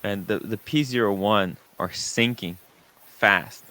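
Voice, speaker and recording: A man's voice: fairly low pitch, unhurried, sharp tone, rough recording. A man in a casual chat who is enthusiastic, exclaims often and swears freely.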